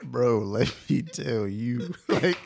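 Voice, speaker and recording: A man's voice: medium pitch, animated, slow pace, creaky, darkish tone, a little hiss or hum. A man co-hosting a podcast in casual chat, dropping short blunt comments and laughing. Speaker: podcast co-host.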